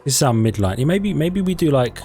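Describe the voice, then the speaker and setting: A man's voice: fairly high pitch, big pitch swings, a little fast, mellow, soft background music. A man giving casual let's-play commentary, thinking aloud in a chatty way and correcting himself as he goes. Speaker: gaming YouTuber.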